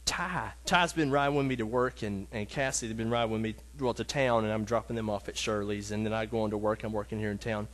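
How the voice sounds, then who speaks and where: A man teaching a casual Bible lesson, earnest and emotional, talking in a halting way with many restarts and fillers. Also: fairly low pitch, fairly even intonation.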